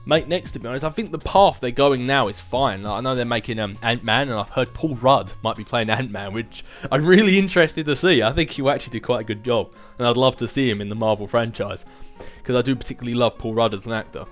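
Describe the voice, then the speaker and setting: A man's voice: mid-range voice, fast, few pauses, faint music behind. A young man in his twenties hosting a casual vlog and answering viewer questions in a rambling, chatty way, with self-mocking asides. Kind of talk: casual chat.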